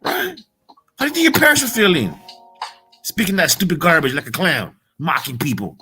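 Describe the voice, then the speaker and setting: A man's voice: fairly high pitch, wildly swooping pitch, a little fast, pushed and bright, soft background music. A man delivering a heated, profane, slangy monologue as a motivational vlogger. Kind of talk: casual ranting monologue.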